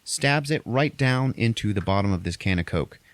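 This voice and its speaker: A man hosting a podcast, casually retelling a movie plot in a rambling, profane way and briefly acting out characters in exaggerated high voices. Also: lively intonation, moderate pace, dry recording. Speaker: podcast host recapping a movie. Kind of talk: casual chat.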